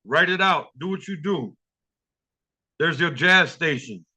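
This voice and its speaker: A man voicing a calm young woman friend who takes charge, soothing and practical. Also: a little high, unhurried, slightly rough, exaggerated voice. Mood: reassuring.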